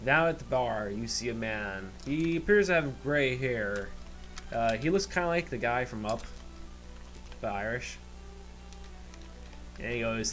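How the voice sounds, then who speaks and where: Halting game master narrating. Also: male voice, medium pitch, animated, fairly bright tone, faint music behind, low-quality recording. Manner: halting, many fillers and restarts.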